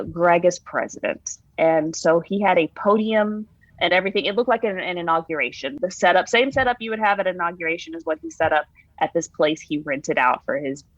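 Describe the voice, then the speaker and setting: A woman's voice: on the low side, no echo, highs cut off. A woman being interviewed, candidly recounting her own story in a casual, conversational way with restarts and fillers.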